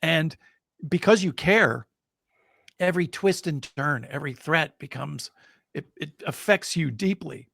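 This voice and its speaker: A middle-aged man, a guest in a casual interview, telling an anecdote in an animated way and building suspense. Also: a little high, a little slow, creaky, no room sound. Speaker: guest storyteller.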